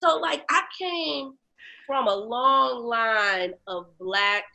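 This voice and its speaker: A woman, telling a personal story candidly in an interview, animated and acting out other people's voices, dropping low and quiet on painful memories. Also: drawn-out words. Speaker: guest, lactation educator.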